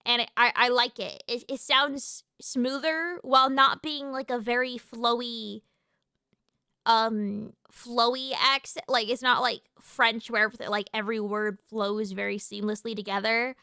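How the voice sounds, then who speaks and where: A young American woman streaming from home, chatting casually and rambling excitedly, with lots of restarts and fillers. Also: fairly high pitch, measured pace, gravelly, smooth, no echo, studio quality. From United States. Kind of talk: casual live-stream chat.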